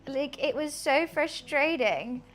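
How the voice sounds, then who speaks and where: High-voiced chatty woman streamer. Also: slow pace, a bit bright. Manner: chatty, rambling asides. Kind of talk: casual live-stream chat while cooking.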